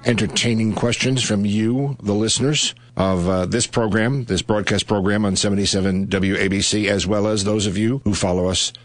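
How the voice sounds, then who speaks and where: An older man with a very low, deep voice, hosting a comedy radio hour close on a studio mic. He rambles through stories loosely, laughing as he goes. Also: fairly even intonation, moderate pace, few pauses, dry recording. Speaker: comedy radio show host. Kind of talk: casual comic storytelling on radio. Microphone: studio microphone.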